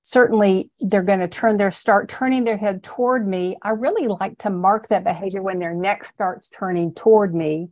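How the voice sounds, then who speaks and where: A middle-aged woman dog trainer narrating a training lesson in a calm, step-by-step way. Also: medium pitch, moderate pace, few pauses. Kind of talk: voice-over narration of training slides.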